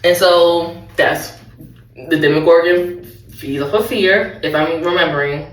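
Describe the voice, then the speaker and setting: A woman's voice: fairly low pitch, fairly even intonation, unhurried, distant mic. A young adult woman recapping a TV show in a casual, rambling way, correcting herself and adding laughing asides. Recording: roomy, off-mic.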